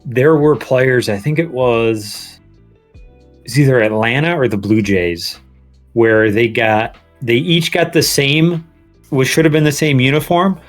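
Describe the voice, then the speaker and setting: A man co-hosting a sports podcast, telling stories in a profane, animated way and laughing. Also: mid-range voice, a little slow, faint music behind. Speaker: podcast co-host. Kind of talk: casual sports podcast banter.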